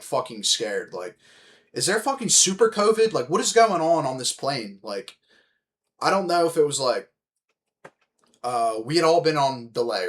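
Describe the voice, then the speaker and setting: A man hosting a podcast, telling a story in a casual, animated way, swearing often and filling with "like". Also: medium pitch. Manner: animated, profane, rambling with many "like" fillers. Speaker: podcast host.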